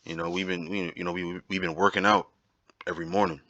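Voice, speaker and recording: A man's voice: sits low, big pitch swings, quick pace, vocal fry, sharp tone, no echo, lo-fi sound. A man giving an informal Bible teaching, talking emphatically and repeating his points, often checking in with "right?". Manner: emphatic, repetitive, keeps asking "right?".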